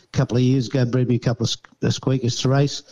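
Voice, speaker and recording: A man's voice: mid-range voice, level tone, very fast, warm tone, highs cut off. A man, chatting casually about his pigeon racing in a rambling, hesitant way with many fillers. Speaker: pigeon racer. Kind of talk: casual chat.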